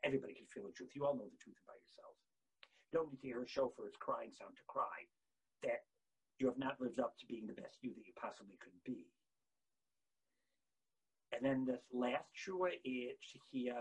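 High, bright-voiced man preaching with passion. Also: animated, brisk, husky, poor audio. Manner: swings from loud shouting to near-whispered lows; acts out quoted voices and excuses. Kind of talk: impassioned sermon.

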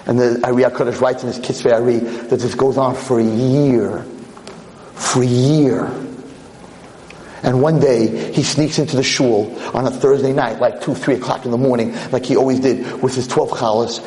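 Animated storytelling man in a reverberant hall. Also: mid-range voice, moderate pace. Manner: animated, acts out characters. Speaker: Torah lecturer. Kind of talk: sermon storytelling.

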